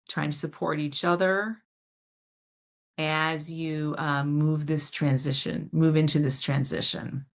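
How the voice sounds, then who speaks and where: A woman giving a casual talk on a video call, answering parents' questions and telling stories with warm, animated emphasis. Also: deep voice, gravelly. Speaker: parent educator, guest speaker.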